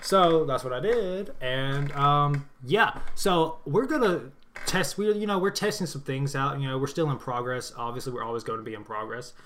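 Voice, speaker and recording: A man's voice: mid-range voice, moderate pace, fairly bright tone. A young man hosting a casual podcast, talking loosely with lots of fillers and jokes. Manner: loose, filler-heavy, joking. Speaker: podcast host. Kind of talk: casual chat.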